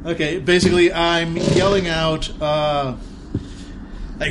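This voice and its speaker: A man playing a tabletop game. He explains his actions haltingly, with many fillers, and gets excitable. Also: on the high side, slight background noise. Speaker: player.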